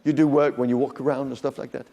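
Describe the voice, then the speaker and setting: A man giving a conference lecture to an audience, lively and demonstrative, often asking the room questions. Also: medium pitch, quick pace, gravelly. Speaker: conference speaker. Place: conference hall. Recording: long hall reverb.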